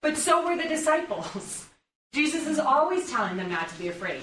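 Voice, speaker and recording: Higher-pitched woman preaching in a roomy space. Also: big pitch swings, moderate pace, a bit bright. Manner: engaging, asks the group questions. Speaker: pastor or Bible study leader. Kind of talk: conversational sermon. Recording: roomy, distant mic, faint room noise.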